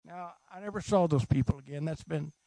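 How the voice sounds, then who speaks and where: A middle-aged man preaching a sermon, animated and humorous, asking his listeners questions. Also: fairly high pitch, a little fast, creaky, dry recording. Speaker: pastor.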